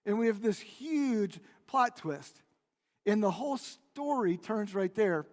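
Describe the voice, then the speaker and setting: High-pitched guy pastor telling a bible story, chatty, lots of restarts, big echoey church. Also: animated, moderate pace, a little mellow. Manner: conversational storyteller, frequent restarts and repeated words. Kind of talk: sermon retelling a Bible story. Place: church sanctuary. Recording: long reverb of a church hall.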